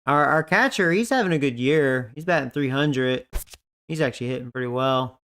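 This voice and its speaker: A man's voice: medium pitch, normal speed, a bit bright. A man giving casual, profanity-laced commentary on a baseball video game, grumbling about his team. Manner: profane, grumbling, frustrated asides. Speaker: gaming video creator.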